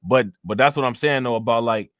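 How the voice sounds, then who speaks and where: A man's voice: mid-range voice, fairly quick, fairly bright tone, dry recording, studio quality. A man from Northeast Ohio with a Northeast Ohio accent, hosting a casual livestream and rambling in loose, profane slang while answering viewers. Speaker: livestream host.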